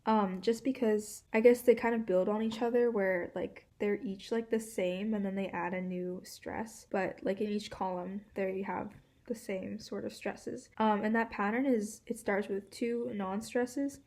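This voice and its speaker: A woman's voice: mid-range voice, steady tone, unhurried, a little mellow. A woman hosting a walkthrough of a linguistics puzzle, explaining in a casual, hedging way full of "like" and "kind of.". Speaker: host.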